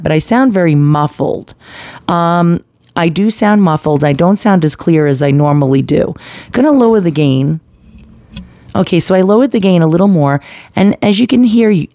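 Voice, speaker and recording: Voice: medium pitch, a little mellow, no echo. A product reviewer at home, talking casually and bluntly while testing a desktop condenser microphone at varying distances. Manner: chatty, blunt, swears casually. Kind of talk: casual microphone test demo. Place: at home near household appliances. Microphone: desktop USB condenser mic, distance changing.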